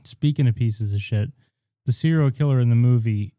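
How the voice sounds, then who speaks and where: A man co-hosts a casual podcast in a clean, echo-free studio recording, his voice medium-pitched and his pace moderate. He rambles through crude, profane stories in an animated way, acting out the voices of the people he quotes.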